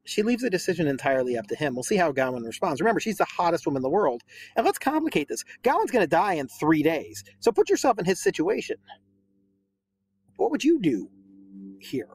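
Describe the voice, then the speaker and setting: A man's voice: a little high, big pitch swings, fairly quick, a little hiss or hum. A man teaching a poem in a casual lesson, chatty and full of rhetorical questions and fillers.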